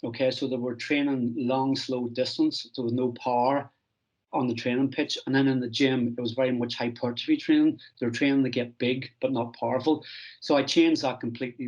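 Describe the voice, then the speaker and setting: Middle-aged man, coach as guest; mid-pitched, chatty anecdote teller on a muffled, lo-fi track. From Ireland. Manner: animated anecdotes, frequent restarts and "I goes". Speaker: strength and conditioning coach, guest. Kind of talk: conversational storytelling interview. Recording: dull lo-fi recording.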